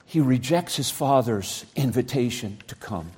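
A man preaching a sermon, swinging between loud, shouting emphasis and low, quiet passages. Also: animated, a little slow, slightly rough.

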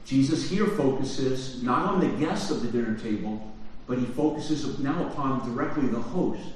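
A man's voice: medium pitch, moderate pace, a little hiss or hum. Echoey, distant preacher man. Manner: asks the congregation questions, swings from hushed to shouting. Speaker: pastor. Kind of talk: sermon. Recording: very echoey hall from far off.

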